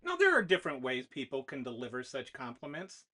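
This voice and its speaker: Storybook narration, author reading aloud, expressive, animated, lively pitch. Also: a little fast.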